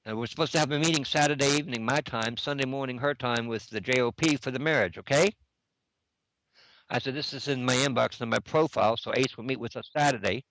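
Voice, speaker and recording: Retelling an online chat argument, this middle-aged gamer talks fast in a medium-pitched, slightly bright voice, reading messages back with a constant "I said." It's casual and repetitive, and the recording is rough.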